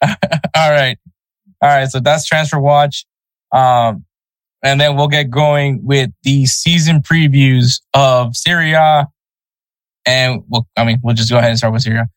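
A man's voice: medium pitch, steady tone, unhurried, no echo, low-quality recording. A man co-hosting a casual sports podcast, loose and chatty, laughing at his own pronunciation slips. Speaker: podcast co-host.

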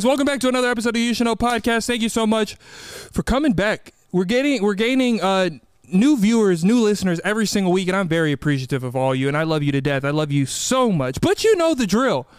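A man's voice: high-pitched, lively intonation, a little fast, clear, resonant tone, dry recording. A man hosting a podcast in a studio, chatting casually and energetically, rambling as he gushes about his listeners. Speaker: podcast host. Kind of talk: casual podcast intro chat.

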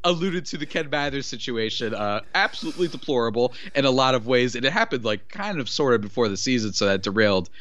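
A man's voice: medium pitch, expressive, quick pace, hardly any pauses, a bit bright, muffled recording. A young man hosting a podcast, talking energetically and rambling with lots of fillers. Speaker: podcast host. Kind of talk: casual podcast chat.

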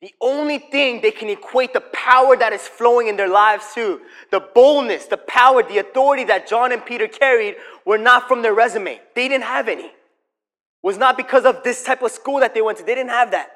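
A young man preaching a sermon in a church, moving between impassioned declarations and quiet, softer storytelling. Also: very high voice, a little fast. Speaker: pastor.

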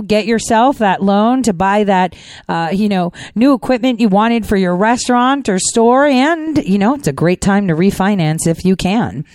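A woman's voice: mid-range voice, darkish tone, smooth, dry recording. Chatty woman hosting a rambling monologue. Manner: chatty, rambling, many fillers; talks fast. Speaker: political commentary host. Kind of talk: casual monologue.

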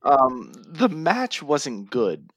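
A man's voice: mid-range voice, huge pitch swings, drawn-out words, fairly bright tone. A man co-hosting a casual wrestling recap podcast, playful and rambling, sounding tired and yawning. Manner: playful, jokey, rambling with fillers. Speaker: podcast co-host.

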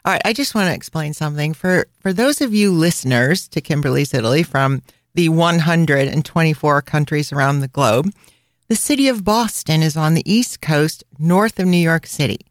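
A woman's voice: low voice, animated, normal speed, no echo. Woman podcast host, chatty and easygoing, reading listener reviews aloud over a dry close mic. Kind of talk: casual podcast chat.

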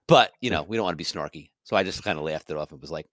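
A man's voice: rumbling low, very fast, a bit bright, no room sound. A middle-aged man co-hosting a casual podcast chat, laughing often and acting out quoted lines in playful voices. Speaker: podcast co-host.

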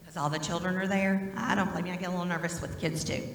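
A woman's voice: lowish voice, steady tone, fast. A woman who teaches, leading a children's message in church, asking the kids questions and encouraging them. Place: church sanctuary. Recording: echoey church hall.

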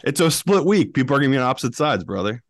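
A man's voice: mid-range voice, big pitch swings, rapid-fire, dry recording, studio quality. A man co-hosting a sports betting podcast, talking in a loose, teasing way and swearing casually.

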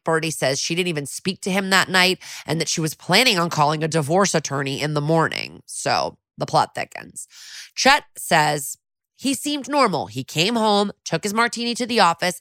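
Low-voiced chatty woman, dry sound. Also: a bit bright, no echo. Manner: chatty, quotes characters in a few put-on voices. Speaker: podcast co-host. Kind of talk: casual episode recap.

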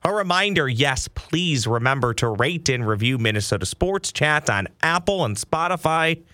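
A man hosts a sports podcast with excitable, joking energy. His voice is bright and forward. The sound is close and dry with no room around it. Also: mid-range voice, no echo. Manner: excitable, playful, rapid patter. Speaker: podcast host. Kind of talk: casual sports podcast chat. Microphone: headphones with studio mic.

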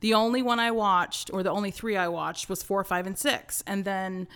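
A woman in her forties telling stories as a podcast guest, excitable and laughing often. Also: mid-range voice, normal speed, smooth. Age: 40s. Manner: excitable storyteller, bursts of laughter. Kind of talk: casual podcast chat.

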